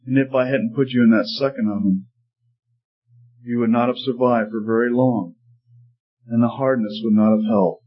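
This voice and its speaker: Man as a calm, husky wise old potter, parable figure, dull recording. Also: mid-range voice, normal speed, long pauses, natural voice. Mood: gentle. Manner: calm, reassuring explaining. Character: patient wise old potter, gentle master. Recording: slightly muffled recording.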